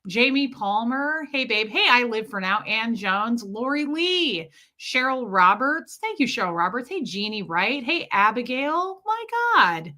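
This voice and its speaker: A woman's voice: fairly high pitch, expressive, unhurried, few pauses, pushed and bright. A woman hosting a casual livestream, greeting viewers by name in a chatty, self-deprecating way while nursing a headache. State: has a headache. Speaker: livestream host.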